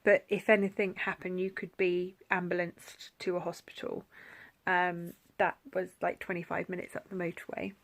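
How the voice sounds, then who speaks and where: A woman's voice: on the low side, monotone, moderate pace. A woman talking tenderly in a personal vlog, her voice often sinking to a whisper as she reflects. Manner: soft-spoken, often drops to a whisper; heartfelt, tender. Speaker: vlogger.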